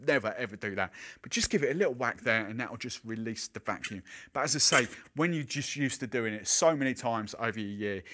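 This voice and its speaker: Male bartender, mid-pitched, casual and chatty how-to delivery. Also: animated, brisk, fairly bright tone. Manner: chatty, conversational explaining with frequent fillers. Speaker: professional bartender presenter. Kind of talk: product demo and tutorial.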